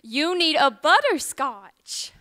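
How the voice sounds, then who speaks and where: Kindly fussing old lady of 101, high bright voice, as a woman storyteller puts her on, tall-tale storytelling. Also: sing-song, takes it slowly, full character voice. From Tennessee.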